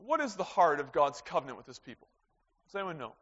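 Male pastor, higher-pitched voice, earnest pulpit delivery with questions to the pews; dull lo-fi recording. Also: big pitch swings, quick pace, a bit bright. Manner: earnest, asks the congregation rhetorical questions. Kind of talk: sermon. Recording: dull lo-fi sound with long hall reverb.

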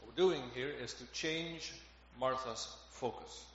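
A man's voice: mid-range voice, slow pace, a bit bright. A man preaching a sermon, earnest and growing emphatic on key phrases. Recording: echoey hall, dull lo-fi, faint noise.

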